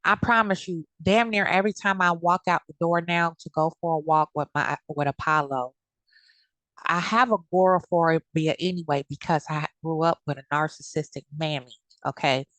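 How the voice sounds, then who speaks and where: A woman's voice: low-pitched, steady tone, moderate pace, a bit bright, no echo. Woman, casual reaction vlog, blunt, heated, profane, dry sound. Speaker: commentary vlogger.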